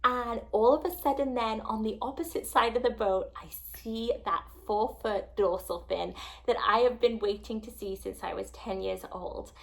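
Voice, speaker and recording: A woman's voice: fairly high pitch, moderate pace, creaky. A young woman travel vlogger telling a story to camera, gushing and close to tears, sometimes dropping to a whisper. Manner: excited, gushing, drops to whispers.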